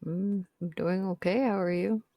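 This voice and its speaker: A woman's voice: lowish voice, steady tone, moderate pace, dark tone, no room sound. A woman chatting in character during a roleplay game, playful and teasing. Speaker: roleplay player. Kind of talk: in-character casual chat.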